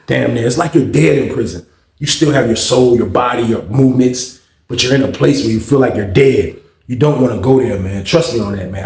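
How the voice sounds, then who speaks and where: A man's voice: mid-range voice, a little mellow, roomy sound. A man telling a prison story in loose, profane street talk. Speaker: storytelling host.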